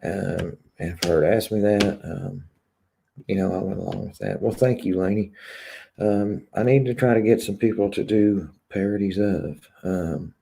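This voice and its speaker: Guy on his live stream reading comments, low gravelly voice, halting and candid. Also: dark tone. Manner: hesitant, many pauses and filler words; candid and confessional. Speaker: YouTube channel host.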